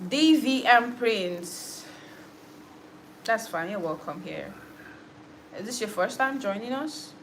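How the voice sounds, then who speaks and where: A woman's voice: fairly high pitch, animated, slow, long pauses, a little hiss or hum, low-quality recording. A young woman hosting a livestream, chatting casually with viewers, laughing often and answering comments. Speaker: livestream host and musician.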